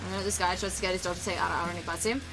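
A woman streaming live, chatting casually with her viewers, excitable and quick to swear, with a desk mic. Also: lowish voice, music in the background. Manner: chatty and excitable, swears freely, shrieks when surprised.

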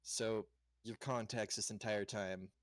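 A man playing a tabletop game, describing his character's actions in a relaxed way. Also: fairly low pitch, unhurried, no echo, clean studio sound. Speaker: player. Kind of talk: casual tabletop play.

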